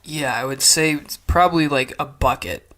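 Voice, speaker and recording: A man's voice: fairly high pitch, moderate pace, a bit bright. A man co-hosting a podcast in casual chat, tossing off wry one-liners. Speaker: podcast co-host.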